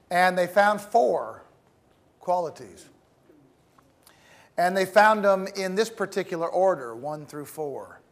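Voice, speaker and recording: A middle-aged man giving a classroom lecture, speaking in a measured, deliberate way with pauses and the odd repeated word. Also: fairly high pitch. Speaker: teacher.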